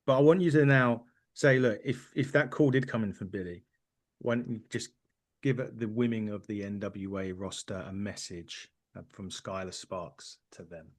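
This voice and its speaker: A man's voice: fairly low pitch, moderate pace. A man hosting a wrestling podcast, asking questions in a rambling, friendly way. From United Kingdom. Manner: rambling, friendly, self-correcting. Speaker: podcast host. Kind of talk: casual interview chat.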